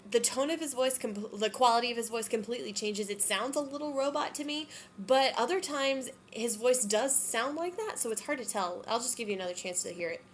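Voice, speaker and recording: A woman's voice: on the high side, a little fast, few pauses, slight background noise. A woman giving casual commentary on musical theatre recordings, chatty and hedging, with frequent ums and self-corrections. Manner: unsure, hedging her opinions.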